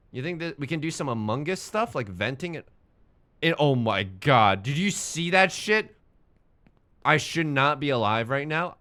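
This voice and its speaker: Lively, bright-voiced young male streamer. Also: medium pitch. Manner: rambling, self-mocking, swears when frustrated. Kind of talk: casual gaming stream chat.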